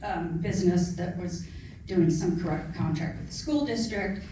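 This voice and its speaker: A woman's voice: on the low side, moderate pace, warm tone, slight background noise. A middle-aged woman speaks about her book in a casual, earnest way, with her heart showing. She is picked up from far off in a very echoey room, with faint ambience behind her. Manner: chatty, earnest, gets emotional. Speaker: author discussing her book. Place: library event room.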